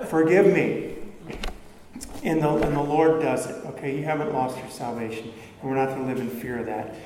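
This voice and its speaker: A man's voice: medium pitch, brisk, background noise. A man preaching a sermon as pastor, earnest and conversational, building to emphatic passages. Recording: echoey hall, faint room ambience.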